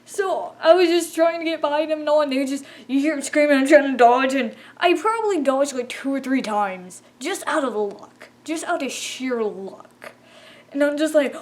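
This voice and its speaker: A woman with a slightly high voice tells a casual gaming story. She talks in an animated way, laughs often and acts out her own shouted reactions as she goes. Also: unhurried. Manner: animated, laughing, quoting herself in exclaims.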